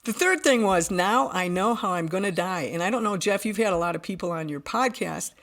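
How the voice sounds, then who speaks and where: Woman podcast guest, mid-pitched, earnest and vivid in her storytelling, with frequent self-corrections. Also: animated, fairly quick, fairly bright tone. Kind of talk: telling a personal story in conversation.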